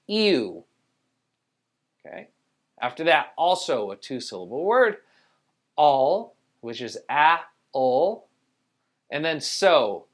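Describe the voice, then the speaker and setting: A man teaching a spelling lesson, patiently explaining rules and sounding out each letter. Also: a little high. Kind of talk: spelling tutorial.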